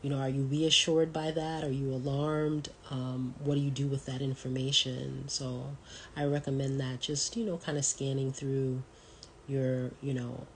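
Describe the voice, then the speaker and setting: A woman's voice: rumbling low, level tone, a little slow, a little hiss or hum, rough recording. A woman in her thirties hosting a podcast, talking in a casual, rambling way full of ums and you-knows. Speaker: podcast host. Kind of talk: casual solo talk.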